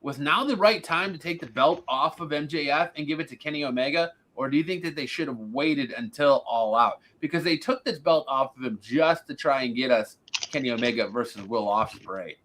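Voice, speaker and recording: A man's voice: medium pitch, fairly quick, fairly bright tone, a little hiss or hum, rough recording. A man hosting a casual wrestling podcast, blunt and opinionated, swearing now and then. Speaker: podcast host.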